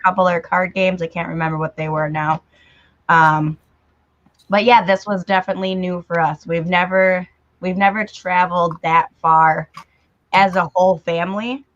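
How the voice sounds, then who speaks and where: A woman from the United States co-hosting a casual live stream, telling her story in a relaxed way. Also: on the low side, normal speed, dry recording. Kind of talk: casual chat. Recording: dull lo-fi remote audio.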